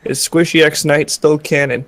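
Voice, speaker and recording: A man's voice: on the high side, fairly even intonation, normal speed, a bit bright. A young man co-hosting a livestream, reading chat questions aloud with wisecracks.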